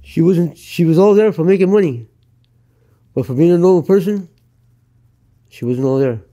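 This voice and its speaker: A man's voice: on the high side, moderate pace, dark tone. A middle-aged man from the United States, telling his life story in an interview in a blunt, profane, matter-of-fact way. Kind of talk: candid storytelling. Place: Los Angeles.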